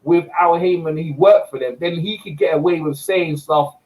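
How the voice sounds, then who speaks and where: A man's voice: a little high, moderate pace, low-quality recording. A man hosting a casual boxing debate, ranting with lots of repeats and asides. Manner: animated, repetitive ranting. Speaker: host.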